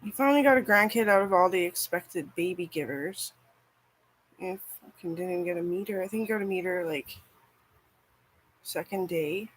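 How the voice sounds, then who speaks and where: A woman's voice: fairly low pitch, normal speed, long pauses, low-quality recording. Rambling, foul-mouthed woman vlogger. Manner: rambling, profane, frequent "like". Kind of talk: casual rambling chat.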